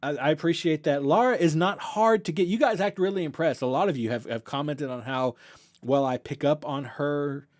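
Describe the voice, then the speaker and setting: Speaking at a normal pace, the young Southern-accented host of a reaction channel has a slightly high voice with a darkish tone. He's fielding questions on a casual livestream, rambling and backtracking in an earnest, thankful way.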